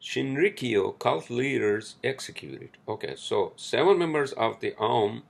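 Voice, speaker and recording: On his own podcast, a man launches into a rambling, expletive-heavy rant about the news, restarting often, and then reads an article aloud. His voice is medium-pitched, expressive, and unhurried, with vocal fry.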